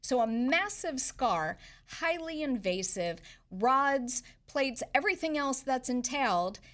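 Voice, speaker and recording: A woman's voice: sits high, lively intonation, unhurried, fairly bright tone. A woman hosting a program, interviewing a guest and emphatically cutting in with facts and figures. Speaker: radio program host.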